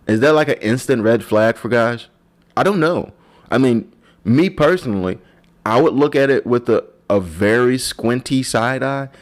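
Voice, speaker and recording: A man's voice: mid-range voice, moderate pace. A man hosting his own solo podcast, talking in a rambling, joking way that often breaks off and restarts. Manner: rambling, joking, self-interrupting. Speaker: podcast host. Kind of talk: casual solo podcast monologue.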